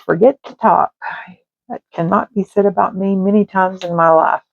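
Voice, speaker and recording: A woman's voice: medium pitch, fairly even intonation, moderate pace, gravelly, dry recording. A woman, chatting and rambling casually while she colors, sometimes drifting into murmurs. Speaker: art channel host. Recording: tinny phone-like dry sound.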